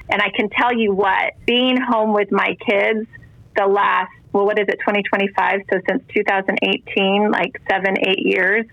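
Bright, earnest mother of ten. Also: medium pitch, no room sound, muffled recording. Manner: earnest, rambling with restarts, emphatic on faith. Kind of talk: casual faith interview talk.

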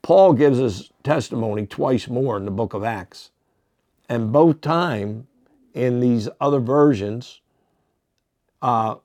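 A man's voice: medium pitch, slow pace, long pauses, darkish tone, no echo. A man, a pastor teaching the Bible on a podcast, reading verses aloud and commenting with fillers and self-corrections.

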